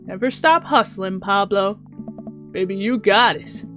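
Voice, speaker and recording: A woman voicing a goofy, doting middle-aged single dad, reading his lines with teasing, proud warmth. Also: mid-range voice, unhurried, faint music behind, pitched below the performer's own voice, lightly acted. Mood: affectionate. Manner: warm dad-joke delivery, proud and teasing.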